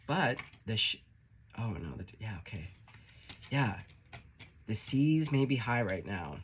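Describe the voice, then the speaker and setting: A man's voice: fairly low pitch, very animated, slow pace, a little hiss or hum. A man giving a casual tarot reading, blunt and profane, playful and encouraging as he talks the listener through the cards. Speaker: tarot reader.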